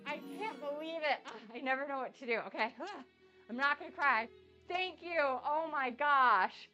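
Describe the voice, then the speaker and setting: A woman's voice: sits high, measured pace, bright, forceful tone, faint music behind. A woman hosting a casual cooking live stream from her home kitchen, bubbly and effusive, thanking her viewers again and again.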